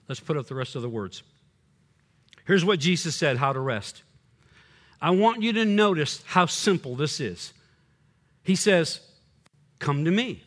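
An older man, a pastor preaching a sermon, swinging between loud punchy lines and quiet low drops. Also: lively intonation, a little slow, long pauses.

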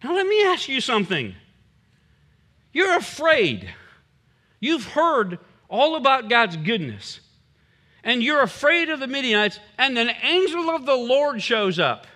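High, animated preaching man. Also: measured pace. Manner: animated, acts out quoted voices. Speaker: pastor. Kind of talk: sermon.

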